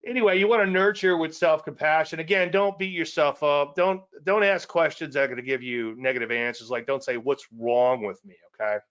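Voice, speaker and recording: A man's voice: fairly high pitch, steady tone, a little fast, hardly any pauses, fairly bright tone, clean tone, muffled recording. A man with a Cajun Louisiana accent giving a casual trading presentation, repetitive and folksy with self-deprecating asides.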